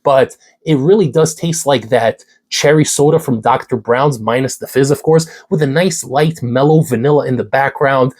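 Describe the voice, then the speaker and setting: A man's voice: mid-range voice, moderate pace, hardly any pauses. Congested, hyped man reviewing supplements. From New York City. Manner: hyped, energetic, casual with slang. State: congested, hoarse voice. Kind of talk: hyped product review vlog.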